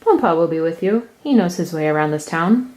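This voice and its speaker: A calm, kind farmer father from a storybook, voiced by a woman reading aloud. He speaks in a gentle, even, reassuring way. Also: fairly low pitch, fairly quick, natural voice, rough recording.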